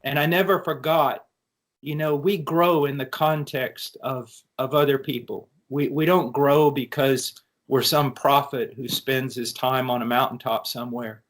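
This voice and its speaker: A man's voice: mid-range voice, fairly even intonation, unhurried. A preacher speaking to college students, telling a personal testimony in an earnest way and often restarting his sentences. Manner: earnest storytelling with frequent restarts.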